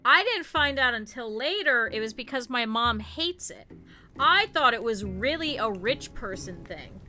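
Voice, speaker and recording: A woman's voice: fairly high pitch, lively intonation, measured pace, bright, forceful tone. A young adult woman streaming a game, chatting casually and rambling through stories with lots of laughter. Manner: rambling storyteller, laughs a lot. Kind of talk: casual chat while gaming.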